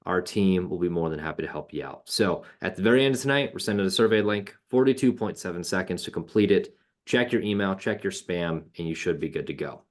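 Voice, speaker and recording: A man's voice: low voice, fairly quick. A man hosting an online webinar over a video call, laid-back and joking, with slangy casual talk. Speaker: webinar host. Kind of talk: casual presenting.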